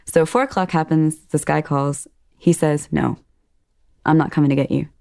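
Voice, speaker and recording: A woman giving documentary testimony, recounting events earnestly and in a measured way, often acting out quoted speech. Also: sits low, steady tone, vocal fry, darkish tone, no room sound, studio quality. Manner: earnest, measured retelling that voices others' quoted words. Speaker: interviewee telling her own story.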